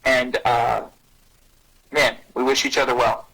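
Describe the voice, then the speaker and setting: A man giving an energetic parenting talk on bullying who acts out short dialogues in a raised voice. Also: slow pace, vocal fry, husky, rough recording. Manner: energetic, acts out little dialogues with rising pitch. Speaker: anti-bullying speaker and parenting coach.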